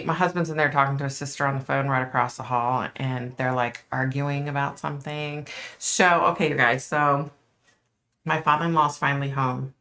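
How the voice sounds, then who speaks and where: Middle-aged woman, livestream host, low voice, chatty, answering viewer comments in a casual way. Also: level tone, moderate pace, sharp tone.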